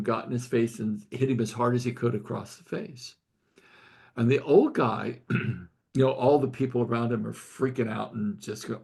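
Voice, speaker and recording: An older man with a gravelly, husky voice at a middle pitch leads a spiritual study group, telling a story. He speaks earnestly and emotionally, stumbling over repeated words as he goes. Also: a little mellow.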